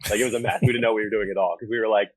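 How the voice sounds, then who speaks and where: A man's voice: lowish voice, steady tone, rapid-fire, no echo. A young American man and band vocalist, telling tour stories in a blunt, profane, laid-back way. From United States. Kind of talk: casual interview chat. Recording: phone-like remote call audio.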